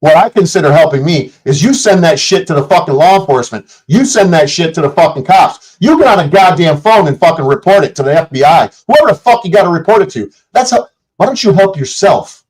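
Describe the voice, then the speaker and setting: Somewhat high-pitched and a little fast, the man's expressive voice carries a combative, foul-mouthed rant at the people in his livestream chat and his critics. Audio from his streaming setup mic is poor.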